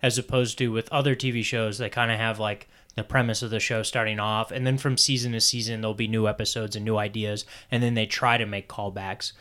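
A man's voice: lowish voice, little pitch movement, brisk, few pauses, bright, forceful tone. A man in a casual chat, enthusiastic and explaining at length.

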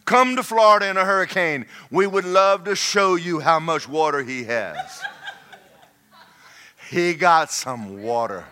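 A man's voice: fairly high pitch, a little slow, bright, forceful tone. A man preaching a sermon as pastor, folksy and repetitive, speaking in bursts.

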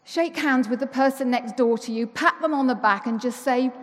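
A woman with a high voice gives a chatty, playful conversational sermon to a congregation at a moderate pace, asking rhetorical questions. She's a church member giving the talk, recorded with a little hiss or hum and the long reverb of a church hall.

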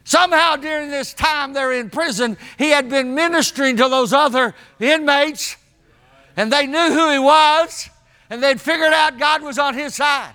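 A man's voice: very high voice, moderate pace, bright, forceful tone. A man preaching a sermon in a folksy, emphatic way, calling out to the congregation as he tells stories.

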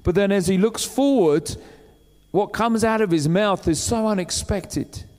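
A man's voice: high voice, unhurried, a little mellow, big-room sound. A man preaching a sermon in a chatty, storytelling way, acting out the voices of the people he describes. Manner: conversational, acts out quoted voices.

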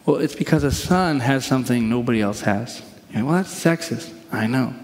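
A man's voice: mid-range voice, brisk, a little mellow, slight background noise. A man in the middle of a sermon, talking easily and plainly, with a mid-range voice. He slips into little acted-out quotes as he walks through scripture. His voice rings out with a long reverb that carries through the church hall. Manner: conversational preaching with acted-out quotes. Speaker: pastor.

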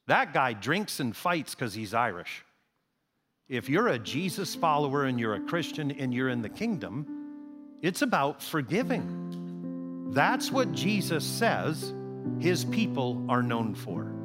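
A man preaching a sermon as pastor, in a conversational storytelling manner. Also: mid-range voice. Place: church sanctuary. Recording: reverberant hall with soft music.

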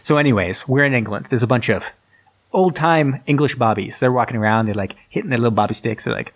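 A man's voice: mid-range voice, fast. A man casually retelling a film's plot in a rambling, filler-heavy way, as a podcast host. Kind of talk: casual movie recap.

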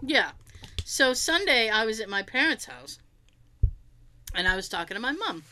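Young woman, podcast co-host, casual chat, bright voice, a little high, animated storytelling, laughs a lot. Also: normal speed, slight background noise. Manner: animated storyteller, laughs often, mimics others in quotes.

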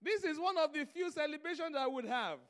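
A preacher acting out the indignant questions of an upset aunt of seventy. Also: female voice, high voice, animated, brisk. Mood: hurt.

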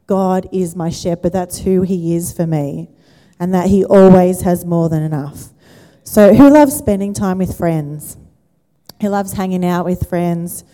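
A woman's voice: fairly low pitch, fairly even intonation, measured pace, mellow. A woman pastor, giving a conversational sermon and asking the congregation questions. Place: church auditorium. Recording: church hall with long reverb.

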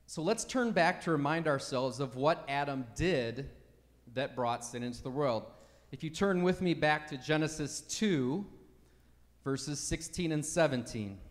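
A man's voice: on the high side, lively intonation, measured pace, long reverb tail. A man preaching a teaching sermon, emphatic and checking in with the congregation by asking "right?". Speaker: pastor.

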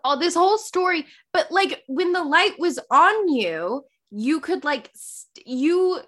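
A young woman hosts a casual podcast chat, her voice sitting high. She tells her stories in a loose, rambling way, circling back with fillers and restarts as she goes. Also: takes it slowly. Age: young adult. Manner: rambling animated storytelling, many fillers and restarts. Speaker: podcast host.

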